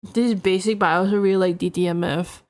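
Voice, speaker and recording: A woman's voice: lowish voice, fairly even intonation, quick pace. A woman streamer chatting casually, a little tipsy, rambling and reacting to her chat.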